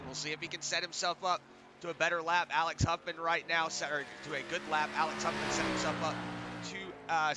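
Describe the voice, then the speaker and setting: A man calls a sim race with a stuffy, congested voice. His delivery sits a touch high and halting, often correcting himself. Loud engine noise runs behind him. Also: creaky. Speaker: race commentator. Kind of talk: sim racing play-by-play commentary.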